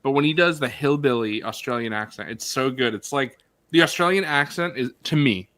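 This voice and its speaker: A man's voice: mid-range voice, fairly quick, fairly bright tone, no echo. A man in a casual group podcast chat who laughs a lot and tells rambling stories. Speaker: podcast guest.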